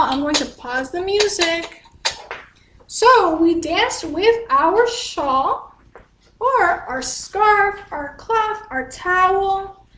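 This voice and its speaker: A woman's voice: very high voice, a bit bright, slight background noise. A woman teaching a dance and yoga class to young children, patient and sing-song, explaining each step simply. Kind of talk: slow, gentle instruction for young children. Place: home room, livestreamed class. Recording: echoey room.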